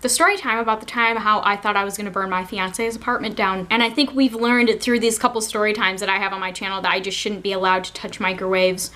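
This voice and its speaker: A woman's voice: mid-range voice, steady tone, fast, hardly any pauses, bright, forceful tone. A young woman vlogger telling a casual storytime, chatty and giggly, with a lot of "like" fillers.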